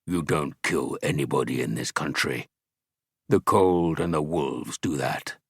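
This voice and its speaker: A hulking, cunning trapper in an audiobook, all grunts and snarls, as a male narrator puts him on. The voice sits very low and husky, thick with menace. It is recorded dry and close. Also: unhurried, fairly bright tone, no echo, exaggerated voice. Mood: gruff menace. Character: big gruff cunning male mountain trapper.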